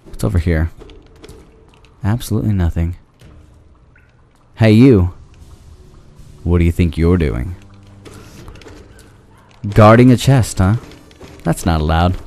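Goofy lively low-voiced man. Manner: goofy, talks back to enemies, yelps and pleads. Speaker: let's play commentator. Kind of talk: gameplay commentary.

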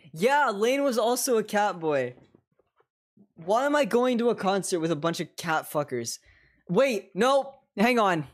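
A young man streaming a game and chatting casually, swearing a lot, giggling and breaking into excited bursts. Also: on the high side. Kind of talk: casual gameplay chat.

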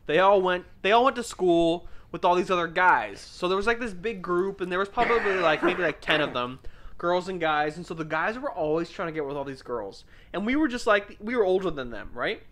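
High-voiced and brisk, a young man hosting a podcast swears his way through an animated party story, performing each quote in casual conversation.

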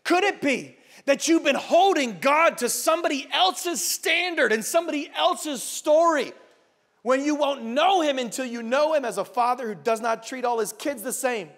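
A male pastor preaching a sermon with passion and shouting emphatic questions. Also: very high-pitched, lively intonation, normal speed.

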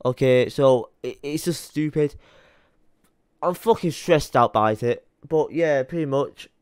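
Tired young guy ranting n swearing at his pc, smooth clear voice, dry close sound. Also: medium pitch, unhurried, a little mellow, no room sound. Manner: swearing, rambling, muttering to himself while searching his computer. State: tired late at night. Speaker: YouTuber. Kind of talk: frustrated rant to camera.

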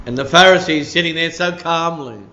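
A man's voice: a little high, fairly quick, sharp tone. A man, preaching a midweek sermon as a pastor in a chatty storytelling way, full of "you know" and "sort of".

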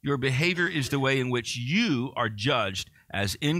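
A man's voice: mid-range voice, lively intonation, unhurried, sharp tone, dry recording. A male pastor preaching a sermon in a conversational way, joking and poking fun at himself.

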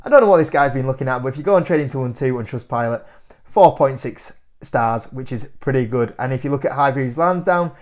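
Animated young man on camera. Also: mid-range voice, quick pace. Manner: animated, incredulous, laughs often. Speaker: investing YouTuber. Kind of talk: casual to-camera commentary.

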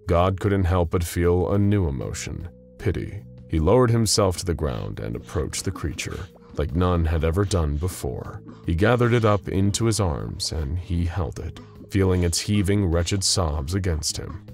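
A man narrating a dark story in a measured, dramatic storytelling voice. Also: deep voice, expressive, creaky, faint music behind.

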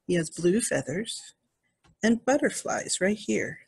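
A woman's voice: medium pitch, animated, vocal fry, slightly rough. An older woman, a grandmother, reading a picture book aloud to small children, pointing out animals in the pictures. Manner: gentle, slow, pointing at pictures.

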